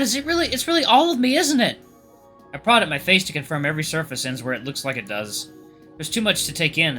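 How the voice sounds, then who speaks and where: A young man reading a visual novel aloud with casual asides, expressive and lively. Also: fairly high pitch. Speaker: gaming YouTuber.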